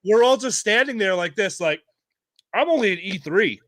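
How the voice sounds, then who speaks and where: A man with a somewhat high voice tells Navy stories on a casual podcast. He swears freely and acts out the shouting voices of the people in his stories. The sound is dry and close. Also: normal speed, dry recording. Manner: profane, animated storyteller acting out shouted quotes. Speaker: podcast co-host, Navy veteran. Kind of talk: casual storytelling chat.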